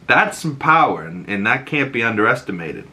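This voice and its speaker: A man hosting a podcast who talks through a TV episode in a loose, excitable way, swearing freely as he goes. His voice is bright and forceful. He speaks at an ordinary middle pitch. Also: normal speed. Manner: rambling, profane, excitable. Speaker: podcast host. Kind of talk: casual episode recap and reaction.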